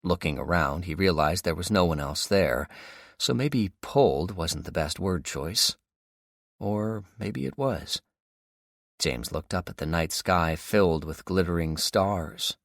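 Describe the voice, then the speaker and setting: Audiobook narrator: a man with a very low voice, steady and measured, close and dry. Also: no echo. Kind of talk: scripted narration.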